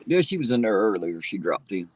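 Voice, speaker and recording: A man's voice: on the low side, big pitch swings, fairly quick, a little mellow, slightly rough, no echo. Brief: middle-aged Ohio man, Appalachian drawl, laid-back and profane, dry close sound. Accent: southern Ohio Appalachian drawl. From southern Ohio. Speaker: livestream host. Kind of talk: casual chat reading viewer comments. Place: parked car at night.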